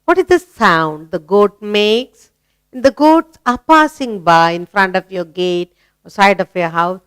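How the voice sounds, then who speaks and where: A woman leads a children's grammar lesson. She speaks slowly, coaxing and praising. Her voice is smooth and clear, with a lively sing-song rise and fall, recorded dry and close. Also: mid-range voice, no echo. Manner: slow, coaxing, asks questions and praises. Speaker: teacher.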